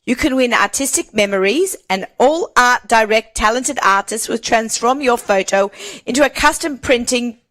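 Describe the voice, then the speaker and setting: A woman co-hosting a live charity auction stream, chatting excitedly and reading a prize list into a phone. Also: on the high side, moderate pace. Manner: excited, giggly, reads prize list aloud.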